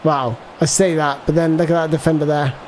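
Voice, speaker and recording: A man's voice: on the high side, fairly even intonation, brisk, darkish tone, a little hiss or hum. A man giving casual live commentary as he plays a football video game, thinking aloud and answering viewer chat. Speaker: gaming livestreamer.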